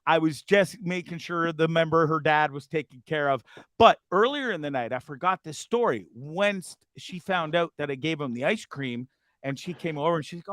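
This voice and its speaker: A man hosting a casual online show, telling a bar story with animated, laughing, bro-ish banter. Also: on the high side, moderate pace, no room sound. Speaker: host.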